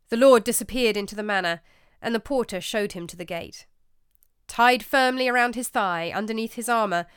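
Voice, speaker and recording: A woman narrating a story in a measured, expressive storybook manner. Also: medium pitch, clean tone, dry recording, clean studio sound.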